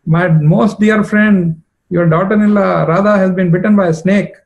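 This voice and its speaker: An earnest young woman telling her tale in a raised, pleading voice, as a storyteller lifts his pitch to play her. She sounds eager and insistent, a friend in a devotional story told aloud. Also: fairly even intonation, quick pace, a little mellow, close to an everyday voice.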